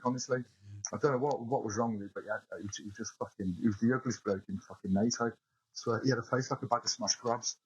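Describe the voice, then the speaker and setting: Male caller, husky and profane, a barrack-room storyteller on a muffled, lo-fi voice note. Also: mid-range voice, a bit bright. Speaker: listener sending a voice note. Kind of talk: casual anecdote. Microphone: phone voice note.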